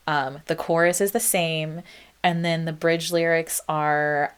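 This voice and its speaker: A young woman with a low-pitched voice talks through a solo podcast episode. She is reflective and chatty, full of ums and likes, and she reads out her old song lyrics as she goes. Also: level tone, measured pace, clear, resonant tone. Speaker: podcast host. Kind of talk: casual solo podcast monologue.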